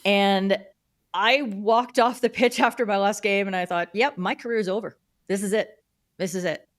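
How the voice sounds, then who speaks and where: A middle-aged woman from Canada, a guest on a podcast, telling stories about her career in a lively, casual way and acting out the voices of the people in them. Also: medium pitch, moderate pace. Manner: animated storyteller who acts out quoted dialogue. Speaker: podcast guest, field hockey umpire. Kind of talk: casual interview storytelling.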